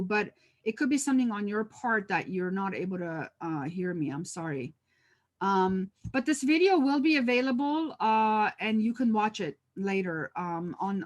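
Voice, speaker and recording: A woman presenting a live workshop over a video call, talking conversationally with many fillers and restarts, telling stories from her own work. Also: mid-range voice.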